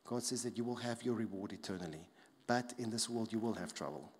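A man preaching a sermon as a pastor, emphatic, repeating key phrases and dropping soft to stress them. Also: medium pitch, a little fast, breathy edge. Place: church hall. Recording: long hall reverb.

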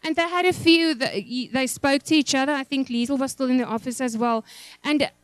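A woman's voice: high voice, fairly quick, no echo. A woman, a pastor's wife, telling an emotional, rambling church testimony. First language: Afrikaans.

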